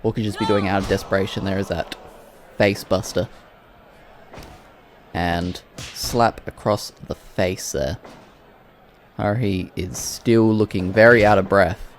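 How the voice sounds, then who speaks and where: A man giving play-by-play commentary on wrestling matches, excitable and breaking into loud exclamations. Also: lowish voice, measured pace, pauses often, slight background noise.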